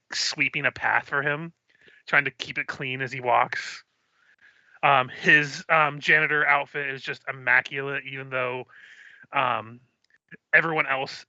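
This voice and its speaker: A man's voice: medium pitch, bright, forceful tone, no echo, muffled recording. A man narrating as game master in a casual manner, with frequent ums. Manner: casual, hesitant with many ums.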